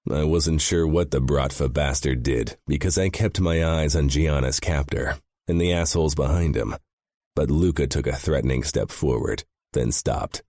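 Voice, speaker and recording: Very low-voiced guy reading an audiobook, grim and intense, dry close mic. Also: moderate pace, darkish tone, no echo. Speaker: audiobook narrator. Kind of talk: first-person audiobook narration.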